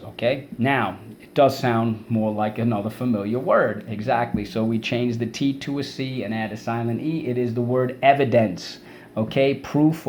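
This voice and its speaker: A male teacher giving an online vocabulary lesson to kids, energetic and repeating words and syllables for students to say back. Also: medium pitch, a little hiss or hum.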